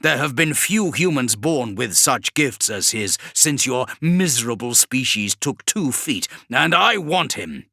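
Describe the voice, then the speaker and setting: A man voicing a towering male demon in an audiobook, speaking slowly and contemptuously. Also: medium pitch, animated, bright, forceful tone, no echo, studio quality, exaggerated voice. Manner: slow, deliberate, contemptuous. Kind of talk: audiobook character reading.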